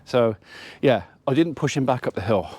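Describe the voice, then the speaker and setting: Man, farmer, casual vlog storytelling, rambling, chatty, mid-pitched voice. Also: expressive, normal speed, darkish tone, no room sound. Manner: chatty, rambling anecdote with quoted dialogue. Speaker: farmer vlogger.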